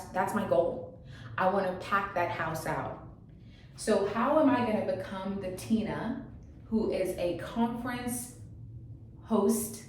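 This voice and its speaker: A woman's voice: lowish voice, a little mellow, a little hiss or hum. A woman giving a motivational teaching talk, encouraging and full of rhetorical questions, often checking in with "okay?". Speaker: motivational coach. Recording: very echoey room, distant mic.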